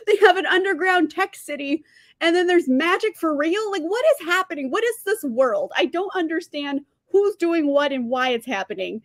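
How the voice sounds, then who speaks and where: A young woman hosts a relaxed live-stream book review from home, sipping from a mug while she rants in exasperation, swears freely, and laughs a lot. She runs a book channel, and her high voice is lively in intonation and brisk, captured with studio quality and no echo.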